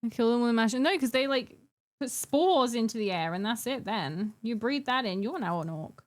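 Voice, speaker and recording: A woman's voice: on the high side, expressive, normal speed. A young adult woman chatting casually with her live-stream chat while painting miniatures, giggling and bantering playfully.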